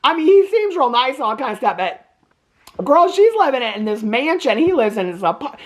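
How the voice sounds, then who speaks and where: A woman's voice: high-pitched, sing-song, a little fast. A woman with a Southern US accent giving a sassy, chatty movie review, laughing often and tossing in "baby" and "okay?" as she talks. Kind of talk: casual movie review rant.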